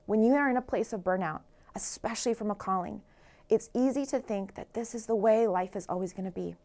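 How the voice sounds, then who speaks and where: A woman's voice: medium pitch, a little fast, a little mellow. A woman author giving an earnest motivational talk, asking the listeners rhetorical questions. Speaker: author and speaker.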